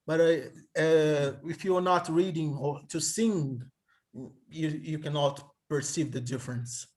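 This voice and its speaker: Slow, hesitant male Greek tutor on a video call, slightly high voice. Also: a little mellow. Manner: hesitant, halting, many restarts. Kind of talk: online tutoring session.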